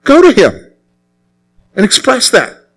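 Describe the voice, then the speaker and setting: A man's voice: high-pitched, huge pitch swings, slow pace, husky, rough recording. A man preaching a sermon as pastor, emphatic and repeating his key phrases.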